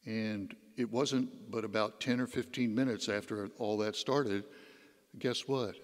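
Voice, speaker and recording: A man's voice: fairly low pitch, steady tone, unhurried. A man, a deacon, giving a homily as a folksy personal story, his voice rising and dropping. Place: church. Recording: long church reverb.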